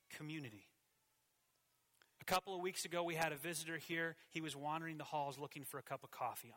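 A man in his thirties preaching a sermon in a church, telling a personal story with animated swings between loud and hushed delivery. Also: a little high. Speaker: pastor.

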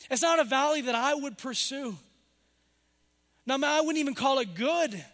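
A middle-aged male pastor preaches with a notably high voice that climbs for emphasis and then drops to a soft low murmur. His words ring out with a long reverb, as in a large church sanctuary. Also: brisk. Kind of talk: sermon.

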